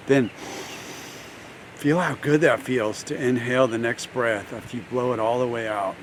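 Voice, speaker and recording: A man speaking as a recovery coach, guiding breathing and explaining ideas in a calm, unhurried way with playful laughs. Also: mid-range voice, slight background noise. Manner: slow, calm, guiding with frequent pauses; laughs easily, playful demonstrations. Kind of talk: coaching talk to camera.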